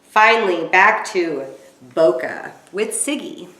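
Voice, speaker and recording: A woman's voice: lowish voice, expressive, slow pace, pushed and bright. A woman giving casual commentary to camera as she recaps a reality TV episode, chatty and exclamatory, with wry asides. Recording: roomy echo.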